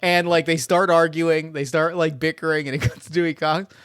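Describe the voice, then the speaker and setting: A man's voice: fairly high pitch, steady tone, fairly quick, a bit bright, smooth, dry recording, clean studio sound. A man co-hosting a casual podcast chat, laughing often and quoting movie lines in silly voices. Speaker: podcast host.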